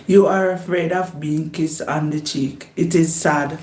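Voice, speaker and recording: A woman vlogger chatting casually while she cooks, unhurried, laughing often and talking herself up. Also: deep voice, fairly even intonation, darkish tone. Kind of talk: casual chat while cooking. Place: home kitchen. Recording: roomy echo.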